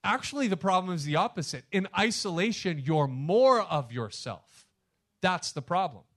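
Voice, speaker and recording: Male pastor, emphatic conversational sermon, fairly high voice, loud-to-hushed swings. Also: lively intonation, normal speed. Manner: addresses congregation directly.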